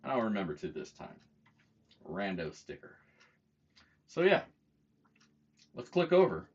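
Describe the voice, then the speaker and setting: A man's voice: fairly low pitch, very animated, a little slow, slightly rough. A man hosting a casual livestream, talking in a profane, self-mocking way and chuckling at his own jokes. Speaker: livestream host. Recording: dull lo-fi stream audio, faint noise.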